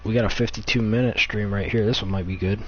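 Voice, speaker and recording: A man's voice: on the low side, fairly even intonation, quick pace. A young man streaming and chatting with a friend, telling stories with lots of swearing and giggling. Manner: profane, giggly storytelling. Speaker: streamer reacting to old clips. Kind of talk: casual chat with a friend. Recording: dull lo-fi audio with faint hiss.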